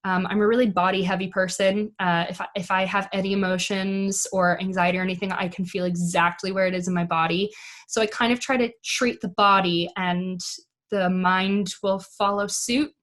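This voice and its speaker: A woman's voice: medium pitch, level tone, normal speed, a bit bright. A woman speaking as an actress guest in a casual interview, chatty, with many fillers and easy laughs. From United States.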